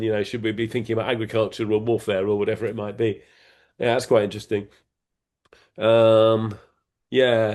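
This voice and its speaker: A man's voice: mid-range voice, a little mellow. A middle-aged man as an interview guest, explaining ideas in a rambling, playful way with many restarts and fillers. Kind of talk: casual conversation.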